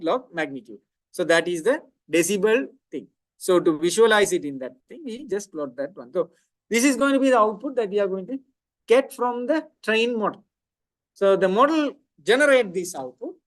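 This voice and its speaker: Guy teaching a tech class, fairly high voice, dry close sound, keeps asking "right?". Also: no echo. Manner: explanatory, repeats "right?" to check understanding. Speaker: lecturer. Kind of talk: technical lecture.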